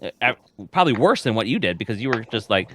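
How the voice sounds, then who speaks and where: A man's voice: mid-range voice, very animated, fast, fairly bright tone, slight background noise. A man chatting casually on a live stream as a robot combat team member, blunt and joking.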